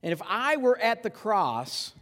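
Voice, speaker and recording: A man preaching a sermon in a conversational way, moving between loud rhetorical questions and hushed, slow reverent passages. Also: sits high, big pitch swings, in a large hall. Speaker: pastor.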